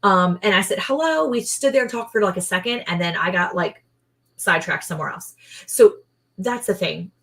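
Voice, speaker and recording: A woman co-hosting a casual livestream, chatty and rambling, often quoting people in lively voices. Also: medium pitch, moderate pace, creaky. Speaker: livestream co-host.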